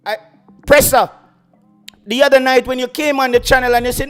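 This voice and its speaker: A man's voice: extremely high pitch, fairly even intonation, fairly quick, pauses often, soft background music. A Jamaican man hosting a football channel, ranting boastfully on a livestream and slipping into patois. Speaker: football YouTube host. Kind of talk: heated livestream football rant.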